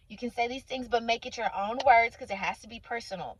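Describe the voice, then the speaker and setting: A woman's voice: a little high, fast talker, few pauses, slightly rough, low-quality recording. A woman giving informal preaching to her listeners, stressing points by repeating phrases and calling them honey and sweetheart. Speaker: Christian faith speaker.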